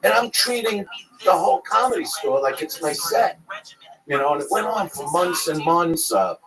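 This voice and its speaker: With a fairly high pitch and lively intonation, a man tells meandering, swear-laden stories at a moderate pace during a casual interview, doing impressions of others. Crowd chatter runs behind the low-quality recording.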